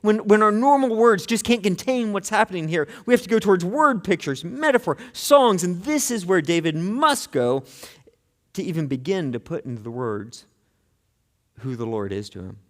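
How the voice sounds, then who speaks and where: Earnest pastor in a reverberant hall. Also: male voice, sits high, animated, moderate pace. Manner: earnest, swings between soft and intense; repeats words when starting phrases. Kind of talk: sermon. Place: church sanctuary.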